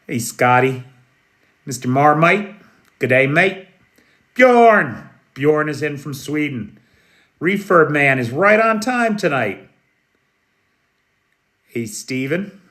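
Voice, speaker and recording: A man from the United States hosting a live news stream, speaking in a slow, measured, friendly way and greeting chat viewers by name. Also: mid-range voice, expressive, bright, forceful tone. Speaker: news livestream host. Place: Kyiv, Ukraine.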